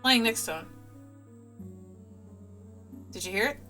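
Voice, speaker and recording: A woman's voice: fairly high pitch, lively intonation, pushed and bright, faint music behind, heavily acted. A woman voicing a cheerful female lab AI assistant who talks in a chipper, clinical way. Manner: chipper, clinical, briskly upbeat.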